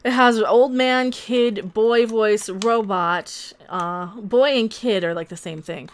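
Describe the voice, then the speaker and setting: A woman's voice: a little high, slow, few pauses, background noise. A woman hosting a live stream, chatting casually with her viewers in a rambling, candid way and swearing freely.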